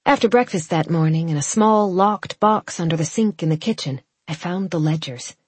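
A woman narrating a first-person audiobook in a measured, reflective way. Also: on the low side, husky, dry recording.

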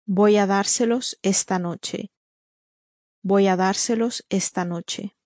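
A woman saying model phrases for a language course, each said twice in a measured way. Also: medium pitch, fairly even intonation, a little mellow, no room sound, studio quality. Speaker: native-speaker voice for language drills. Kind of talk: slow model pronunciation in drills.

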